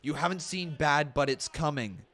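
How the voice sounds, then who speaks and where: A man's voice: fairly high pitch, moderate pace, fairly bright tone. A man hosting a live stream watch-along, commenting with upbeat energy, laughing often and chatting with his viewers. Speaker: host.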